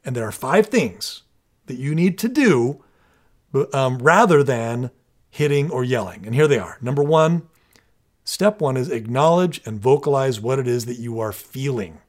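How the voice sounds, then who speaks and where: An earnest middle-aged man walking through practical steps in a relaxed conversational manner. His voice sits at an ordinary pitch, and he often restarts sentences as he thinks aloud. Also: normal speed. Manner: earnest, explains step by step with many restarts. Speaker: parenting podcast co-host. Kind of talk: casual conversational explaining.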